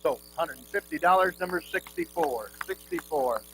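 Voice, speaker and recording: A man works a charity quilt auction, rattling off bids in a quick rhythmic chant and coaxing the crowd toward the next number. His voice sits a little high for a man. Crickets and insects buzz clearly behind him on the outdoor livestream. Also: expressive, a bit bright, slight background noise, low-quality recording. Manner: rapid rhythmic bid chant. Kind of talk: live charity auction calling.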